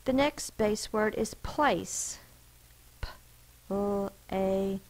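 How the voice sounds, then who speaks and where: A woman's voice: medium pitch, a little slow, poor audio. A woman teacher giving a recorded spelling lesson, patiently explaining rules and sounding out each letter and syllable.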